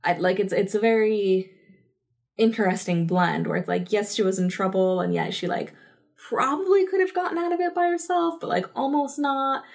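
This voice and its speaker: A woman in her thirties talking through a TV episode on a podcast, loose and chatty, with plenty of "like" and quick laughs. Her voice sits at an ordinary pitch for a woman. It carries a gravelly, fry-tinged texture. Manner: chatty, many fillers, laughs often. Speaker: podcast co-host. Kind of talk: casual chat reviewing a TV episode.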